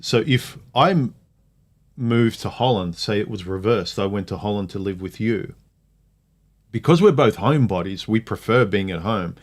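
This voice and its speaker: A middle-aged man hosts a casual livestream. His voice sits fairly low, and he rants with strong opinions. His sentences are packed with "like"s. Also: normal speed. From Australia. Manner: opinionated, ranting, many "like"s. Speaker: livestream host.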